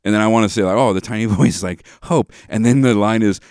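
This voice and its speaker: A low-voiced man in his thirties riffs casually as a podcast host, rambling and full of fillers. He gets animated and half-acts out what people say. The sound is dry and close, with no room around it. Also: quick pace, few pauses, no room sound. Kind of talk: casual monologue.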